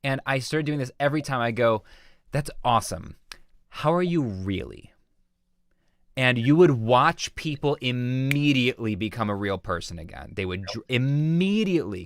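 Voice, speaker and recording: A man guesting on an interview, telling anecdotes in an animated way and acting out bits of dialogue. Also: medium pitch, smooth, dry recording, studio quality. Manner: animated storyteller who acts out quoted dialogue. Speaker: guest speaker and author. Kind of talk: conversational interview storytelling.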